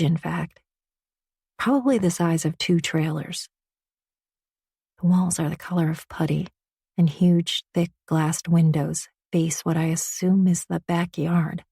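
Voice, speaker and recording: A woman narrating a first-person romance audiobook in an intimate voice that often drops to a breathy near-whisper. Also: deep voice, mellow, dry recording, clean studio sound.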